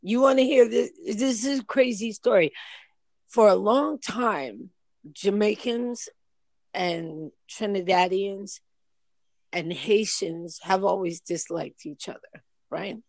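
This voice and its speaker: A woman's voice: medium pitch, slow pace, dry recording. Woman co-host, chatty storyteller, dry close studio sound. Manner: animated storyteller, lively acted quotes. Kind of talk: casual chat, storytelling.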